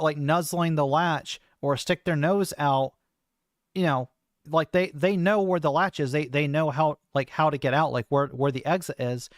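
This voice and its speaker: A woman's voice: low voice, no room sound. A trans woman streamer talking in a casual, hesitant monologue, full of fillers and restarts, into a close desk mic. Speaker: streamer host.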